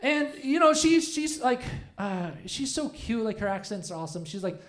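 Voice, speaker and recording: Rambling stand-up comic with lively pitch. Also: male voice, normal speed. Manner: rambling, self-deprecating, many restarts. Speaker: stand-up comedian. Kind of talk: stand-up comedy set. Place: comedy club stage.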